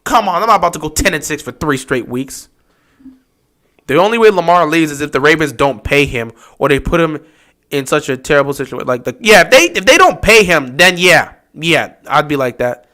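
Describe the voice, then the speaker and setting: Animated bright-voiced man. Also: fairly quick. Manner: animated, mocking with high whiny impressions of upset fans. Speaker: live stream host. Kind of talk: casual live-stream football commentary.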